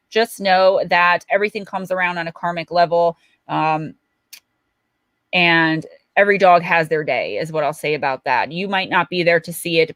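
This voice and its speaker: A woman's voice: fairly low pitch, fairly bright tone, no room sound. A woman, likely in her forties, giving chatty, reassuring oracle card readings on a live stream.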